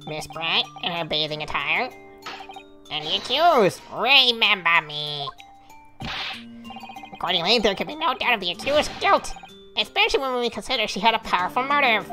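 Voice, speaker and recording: A woman voicing a stern, haughty male prosecutor in a courtroom game, reading with a slow, formal, accusing delivery. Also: medium pitch, sing-song, over music, close to an everyday voice.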